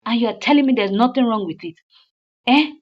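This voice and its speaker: Furious betrayed wife, shrill and scolding, put on by a woman; dull lo-fi recording. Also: sing-song, measured pace. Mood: scornful. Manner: shrill scolding, high and loud. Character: furious betrayed wife confronting her cheating husband.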